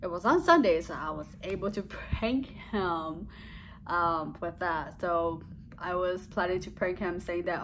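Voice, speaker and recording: A woman's voice: on the low side, unhurried, fairly bright tone, slight background noise. A young woman vlogging a casual story, rambling and giggly, often trailing off with "blah, blah, blah.".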